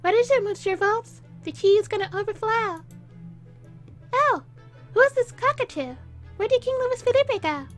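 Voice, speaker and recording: An eager young bird assistant from a video game, voiced by a woman reading his lines, his voice pitched up high and bright. He exclaims his words with jittery excitement. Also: normal speed, pauses often, faint music behind. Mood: alarmed.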